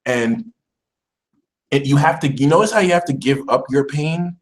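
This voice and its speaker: A man's voice: on the high side, normal speed, poor audio. Chatty man hosting an astrology stream. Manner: chatty, animated, mock voices for the universe. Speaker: astrology channel host. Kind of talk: casual live-stream talk.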